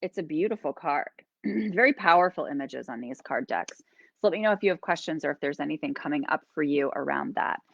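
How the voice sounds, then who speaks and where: Gentle woman hosting an oracle card stream. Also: low voice, animated, fairly quick, vocal fry, no room sound, muffled recording. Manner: gently encouraging, guides breathing, calls listeners friends. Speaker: host and healer.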